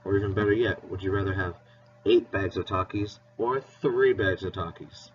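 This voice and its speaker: A man's voice: low-pitched, moderate pace, recorded from a distance, soft background music. A male teacher giving a playful, encouraging math lesson to children. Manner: encouraging, playful, spells words out. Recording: dull lo-fi recording with faint hiss.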